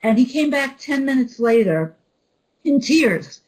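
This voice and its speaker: Brief: female webinar host, lively storyteller, a bit high-pitched. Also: a little slow, slightly rough, rough recording. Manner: animated storyteller, quotes others. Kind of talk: storytelling introduction.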